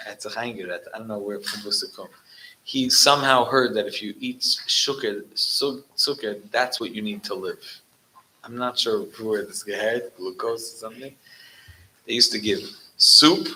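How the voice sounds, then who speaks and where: A man speaking as a rabbi at a gathering, telling a story and mixing Yiddish into his English, animated when he quotes. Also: lowish voice, slight background noise, poor audio.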